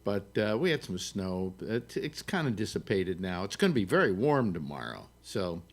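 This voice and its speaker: Rambling low-voiced man hosting live chat. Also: big pitch swings, normal speed. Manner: rambling, many fillers and restarts, jokey. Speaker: host. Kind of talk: casual live call-in chat. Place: home studio in New York. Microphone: desktop mic, video call.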